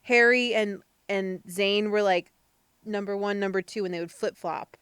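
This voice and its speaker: Young adult woman, podcast co-host, smooth clear voice, dry close sound, hedging casual talk. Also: mid-range voice, normal speed, a bit bright, dry recording. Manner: thoughtful, hedging with many fillers. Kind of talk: casual chat.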